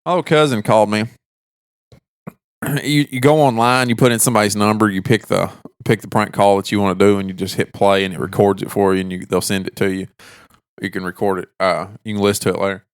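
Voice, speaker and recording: A man's voice: fairly low pitch, level tone, fast, clear, resonant tone, no room sound, studio quality. A man, co-hosting a podcast and telling a long story in casual chat, acting out both sides of a phone call. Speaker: podcast co-host.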